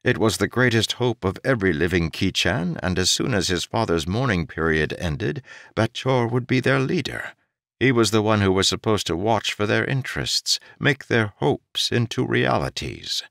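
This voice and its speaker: A man reading an audiobook aloud at an unhurried pace. His deep voice moves freely up and down with the drama. The recording is dry and close. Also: vocal fry, no echo. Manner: expressive, pitch rising and falling with the drama. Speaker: audiobook narrator. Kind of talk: audiobook narration.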